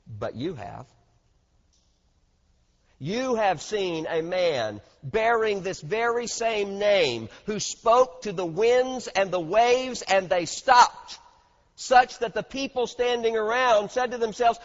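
Male pastor, emphatic slow sermon delivery, dull recording with long hall reverb. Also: high-pitched, animated. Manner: dramatic, emphatic, swells in volume on key points. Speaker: preacher. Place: large church hall.

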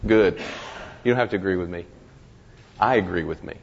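A man giving an informal lecture to a class, talking conversationally with halting restarts and wry self-deprecating humor. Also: low-pitched, gravelly, a little hiss or hum. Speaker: guest speaker to a ministry class. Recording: dull lo-fi recording in a reverberant hall.

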